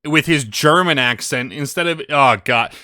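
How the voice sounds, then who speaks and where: A man's voice: a little high, normal speed, sharp tone. A man co-hosting a podcast, ranting in exasperation, sighing and stammering. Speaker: podcast co-host. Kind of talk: casual podcast review chat.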